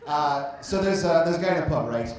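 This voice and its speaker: A man's voice: fairly high pitch, expressive, a little fast. A young man from upstate New York, an audience volunteer telling a joke on a live stage, rambling off on tangents. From Binghamton, New York area, USA. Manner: rambling, prone to tangents, self-conscious. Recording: echoey live venue.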